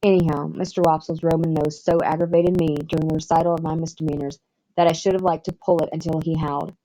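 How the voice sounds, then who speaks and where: A woman with a Southern US accent reading a classic novel aloud in measured, expressive scripted narration. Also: low voice, low-quality recording. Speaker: audiobook narrator.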